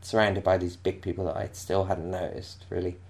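A man's voice: deep voice, little pitch movement, a little fast, vocal fry, darkish tone. A man from England telling a rambling anecdote in casual chat, often restarting and laughing. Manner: rambling, self-interrupting, laughing storyteller.

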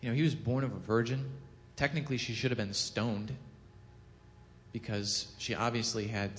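A man giving a casual sermon, telling a scripture story with lively acted-out quotes and frequent self-corrections. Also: normal speed, slight background noise. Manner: animated storytelling, acts out quotes with rising pitch and volume; self-corrects, chuckles at own jokes. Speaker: preacher. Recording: long hall reverb.

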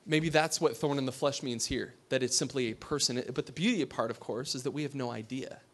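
Delivering a sermon, this pastor speaks with a mid-range voice at a slightly quick pace. He keeps it conversational, asks the congregation questions, and lowers to a near whisper when he wants to stress a point.

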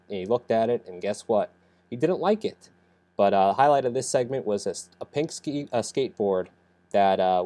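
A young man hosting a wrestling review podcast says he's sick as he rambles through a casual recap. His voice is lowish and mellow, and his talk is full of fillers and self-corrections.

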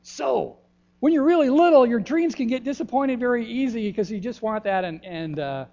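An older man, a pastor giving a gentle, folksy children's sermon in a church, pausing often with ums. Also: extremely high pitch, expressive. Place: church sanctuary. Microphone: handheld microphone. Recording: dull lo-fi church recording.

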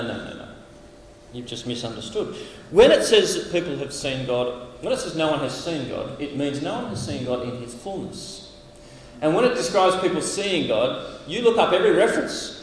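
An Australian man preaching at a camp, lively and dramatic, acting out lines from scripture. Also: a little high, moderate pace, slight background noise. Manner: animated, acts out voices from scripture passages. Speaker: camp speaker. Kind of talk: sermon. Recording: echoey hall, heard from a distance.

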